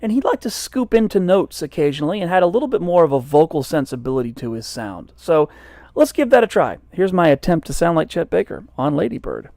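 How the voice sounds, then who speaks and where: Male jazz educator, relaxed and self-deprecating, slightly high voice, dry mic. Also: a little fast, creaky, no room sound. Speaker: jazz trumpet teacher. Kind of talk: casual instructional talk.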